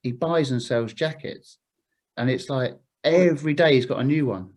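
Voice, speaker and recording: A man's voice: medium pitch, moderate pace, a little mellow. A man, a podcast guest, telling anecdotes in a laddish, chatty way full of fillers. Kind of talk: casual storytelling.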